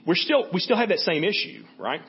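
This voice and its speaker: A man's voice: high-pitched, wildly swooping pitch, fairly quick, vocal fry, breathy edge, highs cut off. A man preaching a sermon as pastor, talking to the congregation in a conversational way and often checking in with "right?". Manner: conversational, frequent "right?" asides.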